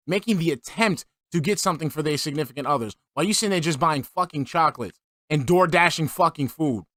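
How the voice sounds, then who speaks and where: A man's voice: fairly high pitch, a bit bright, dry recording, clean studio sound. A man giving a profane, exasperated reaction commentary as a streamer.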